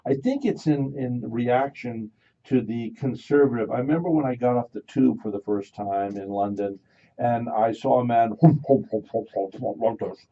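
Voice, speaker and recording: A man's voice: mid-range voice, a little slow, highs cut off. Older male radio host, rambling. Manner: rambling, animated storyteller. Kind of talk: casual radio chat.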